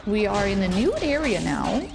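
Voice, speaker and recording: A woman's voice: mid-range voice, big pitch swings, moderate pace, vocal fry, over loud music. A woman chatting casually while streaming a game from home, talking to her chat and pets. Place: home room.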